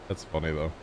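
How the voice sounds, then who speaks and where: A man from Missouri with a St. Louis accent, a livestream gamer, chats casually with viewers while playing a game, rambling and laughing easily. Background noise is audible.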